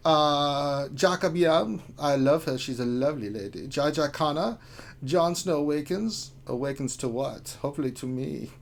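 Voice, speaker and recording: A man's voice: a little high, vocal fry. A man putting on a leering German Friedrich. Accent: put-on German. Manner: sleazy innuendo, drawn-out teasing. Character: lecherous middle-aged German man named Friedrich. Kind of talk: comic put-on voice on a live stream.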